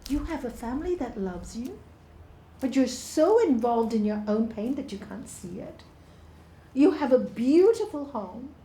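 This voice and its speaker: Woman speaker, high mellow voice, unhurried, roomy studio sound. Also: lively intonation. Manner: soft, unhurried, hushed in the meditation parts. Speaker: spiritual speaker. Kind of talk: informal inspirational talk. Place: yoga studio.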